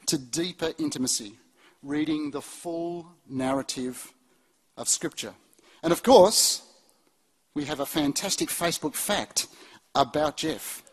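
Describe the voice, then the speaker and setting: A man hosting a conference and introducing the keynote speaker in an upbeat, enthusiastic way. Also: fairly high pitch. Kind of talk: event introduction. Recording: echoey hall, slightly husky.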